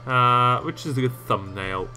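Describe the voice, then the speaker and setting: A man talks through a video editing tutorial in a loose, rambling way, joking at his own slips. His voice is very bright and forward. Faint music plays under him. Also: mid-range voice, measured pace. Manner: rambling, chatty, self-mocking asides. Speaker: game tutorial host. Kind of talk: casual screen-recorded tutorial.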